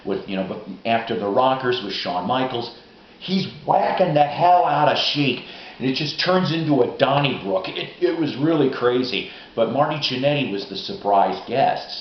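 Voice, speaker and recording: A middle-aged man telling rambling, profane, excitable stories in a casual vlog monologue. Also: mid-range voice, moderate pace, a little hiss or hum. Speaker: vlogger. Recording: roomy, dull lo-fi recording.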